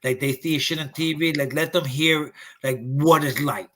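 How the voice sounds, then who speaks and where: A man's voice: a little high, fairly even intonation, moderate pace, a bit bright. A man hosting an interview, speaking bluntly and loosely, with frequent "like" fillers. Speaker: interview host. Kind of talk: casual interview chat.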